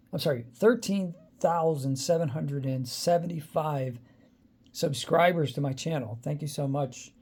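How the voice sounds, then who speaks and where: Man, gravelly and dark-toned, easygoing unboxing host who thinks aloud with plenty of ums. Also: mid-range voice. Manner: chatty, thinking aloud with many fillers. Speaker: card-opening channel host. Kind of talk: casual unboxing commentary.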